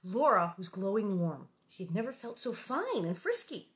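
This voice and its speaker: A woman reading a children's novel aloud and breaking off into jokey, animated asides. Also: mid-range voice, moderate pace. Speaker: book reader and host.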